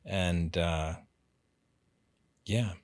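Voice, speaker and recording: A man's voice: sits low, extremely slow, no room sound. A middle-aged man, a guest actor, telling stories in a casual interview and acting out the voices he quotes. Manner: animated storyteller, acts out quoted voices.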